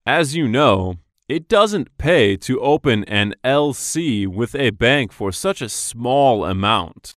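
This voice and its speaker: Male reader for lesson dialogues: slow, clearly enunciated, lively intonation, dry studio sound. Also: medium pitch, no echo. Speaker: dialogue reader for English practice. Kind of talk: scripted business dialogue reading.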